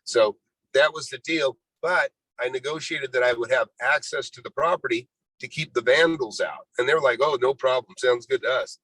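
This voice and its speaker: A man's voice: medium pitch, moderate pace, a bit bright, husky, no echo, low-quality recording. Rambling older man telling his story. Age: 60s. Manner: rambling, full of "you know", acts out quoted dialogue. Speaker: real estate investor guest. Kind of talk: storytelling interview.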